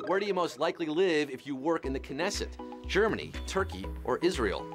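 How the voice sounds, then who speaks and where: A man hosting a live quiz show, reading out questions and answers with a steady stream of puns and jokes. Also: a little high. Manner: punning, joking, playful.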